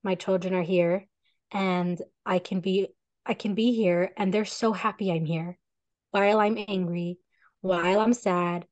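Earnest soft-spoken woman on a video call. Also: fairly low pitch, fairly even intonation, unhurried, no echo. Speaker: parenting coach and podcast co-host. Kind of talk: casual conversation over a video call.

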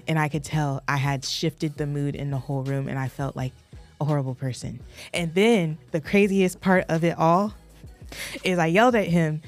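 A woman in her thirties co-hosts a casual podcast, with a slightly low voice. She tells stories in an animated, expressive way and laughs often. Faint music plays underneath. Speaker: podcast co-host. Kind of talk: casual chat.

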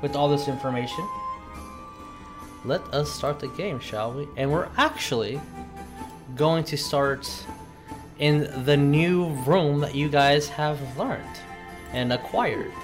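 Slow, halting male game master. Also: on the high side, music in the background. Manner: slow, halting narration with many pauses. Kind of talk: recapping a tabletop game session.

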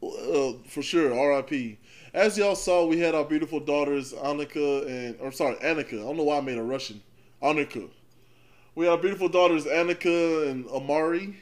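A man's voice: on the high side, brisk. A man hosting a casual podcast, easygoing and joking with his co-host.

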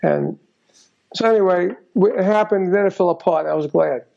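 A guest musician, an older man, tells stories in a casual interview, rambling and filling his talk with "you know." His high voice is heavily gravelly yet mellow and dark in tone, fairly quick, and the recording sounds dull and lo-fi.

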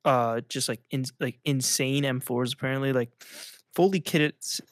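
A man's voice: medium pitch, fairly even intonation, moderate pace, dry recording, clean studio sound. A man co-hosting a podcast in casual chat, rambling and filling nearly every phrase with "like". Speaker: podcast co-host.

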